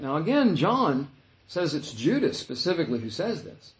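A man preaching a Bible-teaching sermon, his voice sitting a little higher than most men's. He talks casually and thinks aloud, with plenty of "uh" and "you know" along the way. The sound bounces around a roomy, echoey space. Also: sing-song, moderate pace. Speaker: pastor. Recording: echoey room.

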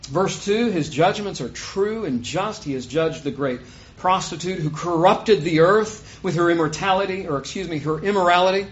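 A man preaching a sermon, reading scripture loudly and dropping low and quick for his asides. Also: expressive. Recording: dull lo-fi sound.

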